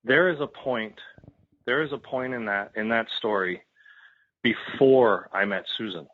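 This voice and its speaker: Husky low guy telling his story raw, swears a lot, sounds like a phone call. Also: unhurried. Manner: emotional, repetitive, swears freely. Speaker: podcast guest. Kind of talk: candid personal storytelling. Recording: tinny phone-like line.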